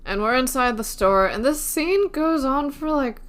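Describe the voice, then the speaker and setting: A woman's voice: high voice, animated, moderate pace, fairly bright tone. A woman co-hosting a podcast, casually analyzing a TV episode in a thoughtful way and laughing easily. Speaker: podcast co-host. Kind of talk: casual chat recapping a TV episode.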